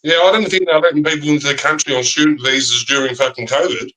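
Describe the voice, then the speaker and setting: A man's voice: a little high, fairly even intonation, fast, sharp tone, low-quality recording. A man on a live stream who argues bluntly and swears.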